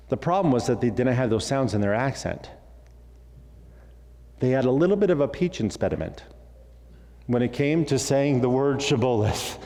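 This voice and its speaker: A male pastor preaching a sermon at a middle pitch, animated and playful as he acts out bits of dialogue. His voice carries a long reverb from the hall around him. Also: normal speed, pauses often. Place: church sanctuary.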